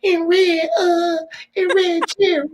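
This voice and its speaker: A man voicing a whiny little boy complaining to his mother in a high, drawn-out voice. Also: flat delivery, background noise. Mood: whining.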